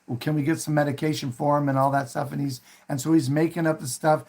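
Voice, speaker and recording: A man's voice: a little high, little pitch movement, fast talker, a little mellow. A man hosting a casual talk, retelling a film scene in a rambling way with many fillers and restarts, and acting out quoted lines in a raised voice. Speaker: host.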